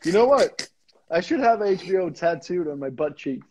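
A man's voice: sits high, sing-song, normal speed, a little mellow, low-quality recording. A young man, teasing and playful in casual chat on a live phone stream. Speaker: actor guest.

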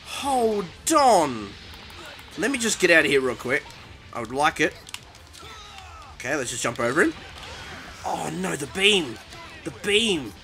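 A young man reacts out loud to every hit of a ranked match, his voice high and very bright. He jumps around in pitch as he panics, groans, and taunts his opponent. Faint game music plays beneath him. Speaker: gaming YouTuber. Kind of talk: live gameplay commentary.

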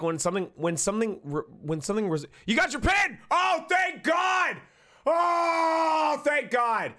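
Loud, profane young male streamer. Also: on the high side. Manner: loud, profane, jokey, swings between shouts and mutters. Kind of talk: casual livestream chat.

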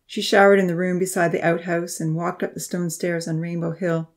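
A woman narrating a Christian children's storybook aloud in a steady, expressive reading. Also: lowish voice, fairly quick. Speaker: audiobook reader.

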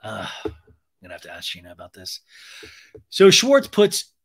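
A man hosting a podcast and recapping a reality TV reunion in a chatty, gossipy way, full of quick asides. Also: fairly low pitch, wildly swooping pitch, vocal fry, husky. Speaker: podcast host.

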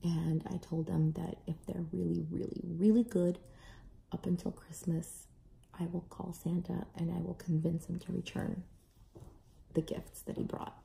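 A young adult mother casually telling a family story to camera, animated, acting out voices now and then. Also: lowish voice, unhurried, vocal fry, a little hiss or hum. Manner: animated, acts out kids' and own voices. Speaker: parent vlogger.

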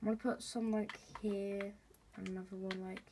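In this casual gameplay commentary, the female host talks to her audience as she plays, chatty and wandering from topic to topic. She speaks at a moderate pace in a mellow, mid-range, flat voice, with slight hiss or hum present.

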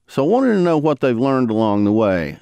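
A man's voice: mid-range voice, sing-song, brisk, vocal fry, warm tone, dry recording. A man, hosting a podcast interview in a folksy, joking, conversational way. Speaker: podcast host.

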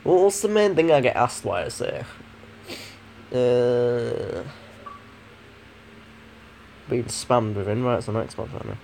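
A man's voice: medium pitch, expressive, slow, creaky, long pauses, a little mellow, slight background noise. A young man with a stuffy nose from a cold, casually commenting on a horror game, sarcastic and swearing freely. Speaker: gaming YouTuber.

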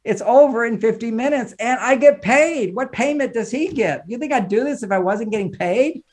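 Very high-pitched and at normal speed, a male relationship counselor and author talks on a podcast as a guest. He lays out advice like a teacher, with emphasis, and laughs a lot while speaking.

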